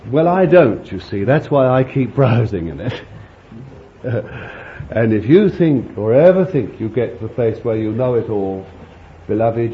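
A man preaching a conversational sermon, rambling warmly with chuckles and fond asides to his listeners. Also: mid-range voice. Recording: dull lo-fi recording with faint hiss.

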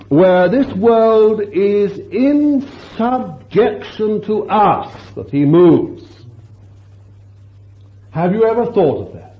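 A man preaching a fervent sermon, breaking into exclamations of praise and asking his listeners rhetorical questions. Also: high-pitched. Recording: echoey dull lo-fi sermon recording.

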